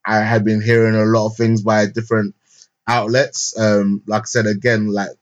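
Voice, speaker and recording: A man's voice: fairly low pitch, completely flat delivery, normal speed, lo-fi sound. A young man, co-hosting a podcast in casual chat, rambling with lots of fillers, restarts and street slang. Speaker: podcast co-host. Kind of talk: casual chat, film review. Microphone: remote call mic.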